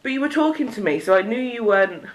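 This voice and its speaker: Her voice sits a little high and swings widely in pitch as she talks fast. The young vlogger from Cheshire, England, is casually recounting a story, giggling frequently.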